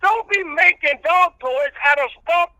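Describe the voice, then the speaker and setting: A man putting on a folksy high-voiced old preacher. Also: a little slow, sharp tone, no echo, full character voice, rough recording. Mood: ranting. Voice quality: preachy, drawling, calls everyone boy. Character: folksy older male preacher, preachy and bawdy. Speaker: reverend caller.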